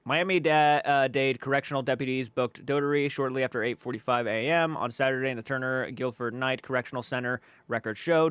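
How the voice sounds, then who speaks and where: A man's voice: medium pitch, fairly bright tone, clear, resonant tone, no echo. A man giving casual, blunt reaction commentary, exasperated and swearing freely.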